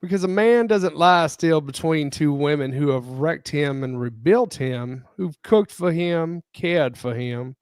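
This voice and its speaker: A man hosting a podcast, reading a spicy romance story aloud in a deliberate way and breaking off to joke. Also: fairly high pitch, lively intonation, smooth, no room sound. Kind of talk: reading spicy fiction aloud with joking asides.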